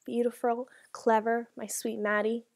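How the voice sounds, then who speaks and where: A woman voicing a dying old grandfather in a storybook reading, weak and hoarse, speaking in halting, breathless phrases. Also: a little high, level tone. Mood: tender.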